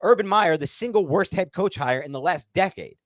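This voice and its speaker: Man ranting with a lively pitch. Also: fairly quick, no room sound. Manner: heated, swings from loud outbursts to muttered calm. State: stressed. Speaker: podcast co-host. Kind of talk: casual sports podcast rant.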